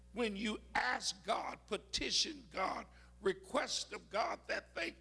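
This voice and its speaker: A man preaching a sermon, telling stories with dramatic shouted peaks. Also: high voice, gravelly, slightly rough.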